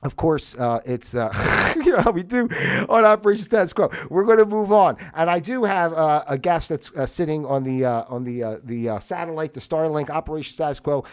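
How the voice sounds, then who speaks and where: A man's voice: a little high, lively intonation, fairly quick, smooth. A man hosting his own livestream talk show, speaking casually with a rambling, filler-heavy, apologetic manner. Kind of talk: casual solo livestream chat.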